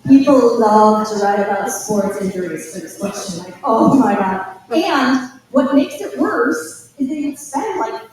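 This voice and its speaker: A woman giving an informal college admissions talk, telling chatty, animated stories with lots of asides. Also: on the high side. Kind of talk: informal presentation to parents and students. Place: school auditorium. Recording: echoey hall from far off, faint noise.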